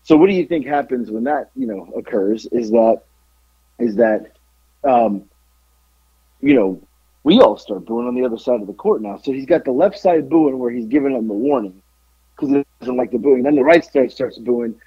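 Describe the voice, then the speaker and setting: A man co-hosting a podcast, slightly hoarse from yelling, telling animated stories in casual chat. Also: mid-range voice, moderate pace, no room sound, lo-fi sound. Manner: animated storytelling, yelling out quotes. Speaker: podcast co-host.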